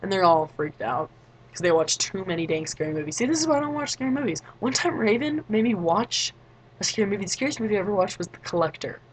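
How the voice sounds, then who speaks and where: A woman's voice: mid-range voice, very animated, fast, slight background noise, poor audio. A teenage girl telling a story in a casual vlog, chatty, acting out other people's lines. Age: late teens. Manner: chatty, acts out quoted voices, frequent "like". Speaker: vlogger.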